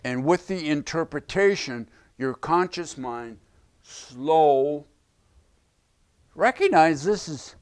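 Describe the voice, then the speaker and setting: A man's voice: a little high, clean tone. A man teaching in an explanatory video lecture, speaking emphatically and repeating his key phrases. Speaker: self-help teacher.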